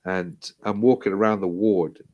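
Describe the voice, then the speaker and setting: A man's voice: on the low side, steady tone, normal speed, darkish tone, highs cut off. A man telling a hospital story in casual chat, swearing freely, repeating himself and acting out what people said.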